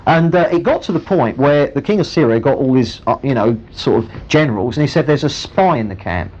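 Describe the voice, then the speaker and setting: A man preaching a sermon, retelling a Bible story with lively storytelling. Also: medium pitch, fairly quick. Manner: storytelling, animated, acts out the characters. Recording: muffled lo-fi recording.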